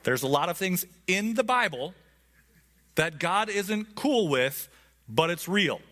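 A man's voice: high-pitched, animated, slow, pushed and bright. A man teaching a Bible lesson in a casual, conversational way, often checking in with his listeners.

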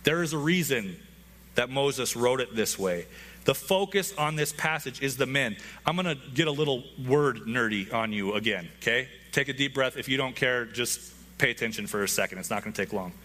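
A man's voice: medium pitch, lively intonation, normal speed, bright, forceful tone. A man, a pastor, preaching a conversational sermon to his congregation with frequent asides.

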